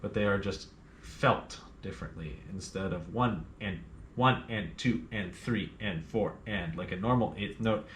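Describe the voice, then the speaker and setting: A man's voice: on the low side, measured pace, a bit bright, a little hiss or hum. A male piano teacher patiently explaining a scale exercise, counting beats aloud as he plays. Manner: counts beats aloud and hums rhythms while playing; patient, plain instructions to the learner. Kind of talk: step-by-step music lesson. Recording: roomy sound with piano playing.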